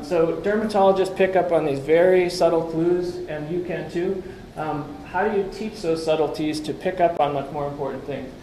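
A man's voice: on the high side, a little mellow, a little hiss or hum. A man giving a conversational lecture with slides, asking the audience questions and tossing in wry asides. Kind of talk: conference talk with slides. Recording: echoey room, faint background ambience.

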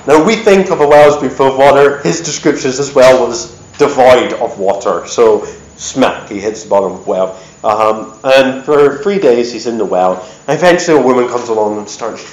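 Brief: male presenter, mid-pitched, casual story-driven lecture, roomy hall sound. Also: moderate pace. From United States. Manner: lively storyteller, chatty with many ums. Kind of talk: storytelling history talk. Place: event hall. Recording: echoey hall.

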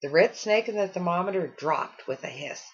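A woman reading a children's storybook aloud with expressive storytelling. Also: on the low side, moderate pace, breathy edge, lo-fi sound. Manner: expressive storytelling with acted character lines. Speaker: storybook reader.

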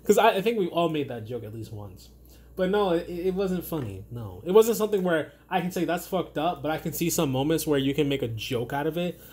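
A man's voice: a little high, animated, fairly quick, a little mellow. A man ranting casually to camera in a blunt, profane and rambling way, often restarting his sentences. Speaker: vlogger.

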